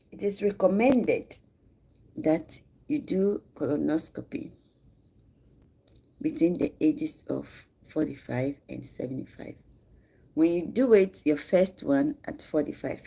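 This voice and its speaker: A Ghanaian woman in her forties talks slowly on a casual livestream, breaking off to greet viewers by name. Her voice is gravelly and mellow. She chats in an easy, unhurried way. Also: low voice. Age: 40s. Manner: chatty, greets viewers mid-talk. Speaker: livestream host.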